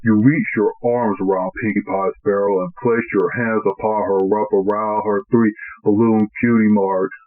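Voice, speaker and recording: A man with a fairly low voice narrates an amateur fan fiction reading. His phrasing is halting and read aloud, and the audio sounds thin and phone-like. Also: flat delivery.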